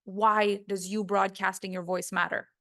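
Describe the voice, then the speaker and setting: A woman's voice: mid-range voice, little pitch movement, moderate pace, fairly bright tone. A woman voice coach giving a recorded course lesson, talking emphatically and acting out quoted voices.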